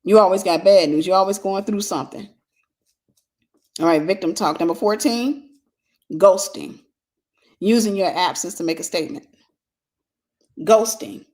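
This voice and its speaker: A woman's voice: mid-range voice, normal speed, long pauses, darkish tone. Woman teaching, repeating phrases for emphasis. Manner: conversational, with casual fillers. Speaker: ministry host and teacher. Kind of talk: informal spoken teaching.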